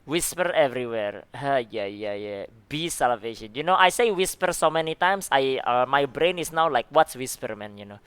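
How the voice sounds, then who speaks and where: A man's voice: mid-range voice, normal speed, few pauses, a bit bright, clear, resonant tone, no echo. A man giving laid-back, chatty commentary on a live stream, often laughing and tossing in "man" and "dude.". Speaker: streamer reacting to game forum posts. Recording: faint music behind the voice.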